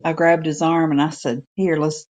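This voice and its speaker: A woman co-hosting a livestream joins the chat with jokes and quick laughs. Her voice sits on the lower side for a woman. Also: little pitch movement, a little mellow. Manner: joking and laughing. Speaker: co-host. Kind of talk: casual chat.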